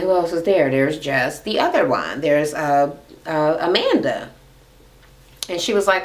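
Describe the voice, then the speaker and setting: A woman's voice: low voice, expressive, measured pace. A woman casually chatting through a reality TV recap in a gossipy, profane manner.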